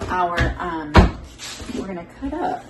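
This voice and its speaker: A woman's voice: on the low side, expressive, slow, very noisy. A woman hosting a home cooking vlog, chatting folksily to her viewers as she cooks. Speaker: cooking show host. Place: home kitchen. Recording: echoey kitchen, mic far off, loud kitchen clatter. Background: dishes and pans clattering.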